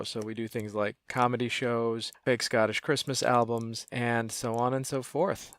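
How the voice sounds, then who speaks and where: Man, deadpan pitch, mid pitch, close dry mic, self-mocking comic. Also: no echo. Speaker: comedian and small business owner. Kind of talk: crowdfunding pitch to camera.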